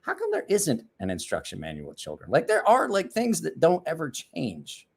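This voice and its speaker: Profane, lively man chatting on a livestream. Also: on the high side, normal speed, vocal fry, husky. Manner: profane, rambling storyteller who laughs often; talks back to viewers' comments. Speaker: livestream host. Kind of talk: casual live-stream chat.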